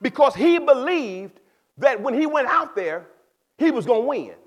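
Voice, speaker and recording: A pastor giving a sermon to young people, calling listeners by name, shifting between loud exhortation and quiet explanation in casual speech. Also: male voice, extremely high pitch, very animated, measured pace. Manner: preaching, addresses listeners by name. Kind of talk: sermon to youth.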